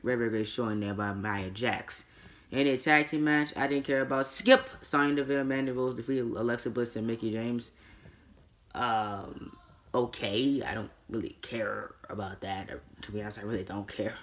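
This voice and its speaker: A man's voice: medium pitch, a bit bright. A man reviewing a wrestling show in a casual solo vlog, rambling and opinionated, repeating his words and chuckling often.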